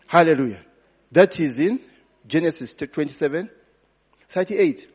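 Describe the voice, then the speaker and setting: In a long, reverberant hall, a man preaches a sermon as pastor, posing questions to the congregation and answering with "hallelujah" and "glory be to God" again and again. His voice is a little high and breathy at the edges, with a sing-song, slow delivery broken by frequent pauses.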